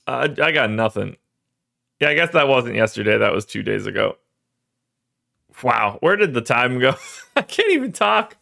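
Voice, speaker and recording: A man's voice: mid-range voice, animated, normal speed, vocal fry, long pauses, bright, forceful tone. A young man hosting a fantasy sports show, talking casually and rambling, his voice cracking as he gets choked up. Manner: rambling, self-deprecating, emotional about his team. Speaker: fantasy sports podcast host. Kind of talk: casual solo livestream talk.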